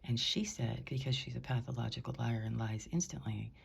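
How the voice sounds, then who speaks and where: A woman speaking in a hushed, indignant way, often whispering, as she records from her bedroom on a top floor. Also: rumbling low, steady tone, a little fast, creaky, breathy edge. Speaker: concerned housemate.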